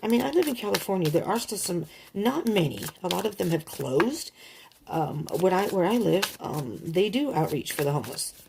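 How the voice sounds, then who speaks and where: A woman's voice: fairly low pitch, expressive, moderate pace, gravelly, background noise. A woman reading tarot cards for her viewers in an emphatic, chatty way, repeating her warnings. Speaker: tarot reader. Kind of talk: monthly tarot card reading.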